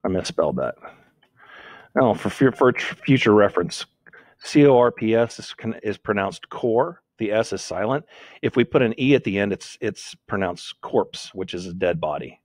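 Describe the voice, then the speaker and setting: A man with a very low voice walks through an outline as he types it, thinking aloud and fixing his own slips as he goes. The sound is dry and close, as from a desktop mic with no room around it. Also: expressive, moderate pace, dry recording. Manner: thinks aloud, self-corrects while typing. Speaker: teacher. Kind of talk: screen-recorded lesson on outlining notes.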